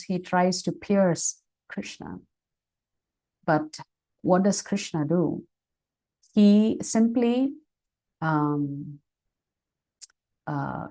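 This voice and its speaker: A woman teaching as a spiritual speaker, retelling devotional scripture stories in a measured way with frequent fillers. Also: on the low side, mellow, rough recording. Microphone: online session microphone.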